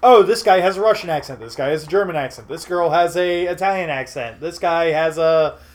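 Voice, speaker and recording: A man's voice: a little high, a little fast. A young man, a tabletop game master, answering interview questions in a casual chat, rambling with fillers and restarts.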